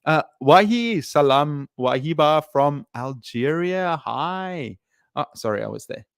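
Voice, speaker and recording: Man, english teacher, casual live stream chat, smooth clear voice, dry close sound. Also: on the high side, animated, slow pace, no room sound. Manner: chatty, hesitant with many fillers and restarts.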